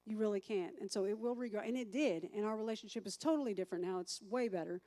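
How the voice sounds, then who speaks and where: A woman's voice: medium pitch, fast talker, mellow. A woman teaching a recovery class as a sponsor, chatty, thinking aloud and asking the group questions.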